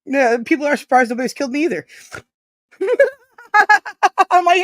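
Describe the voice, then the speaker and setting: High-voiced profane woman streamer. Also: moderate pace, dry recording. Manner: loose, profane and jokey. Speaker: livestream co-host. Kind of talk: casual livestream chat.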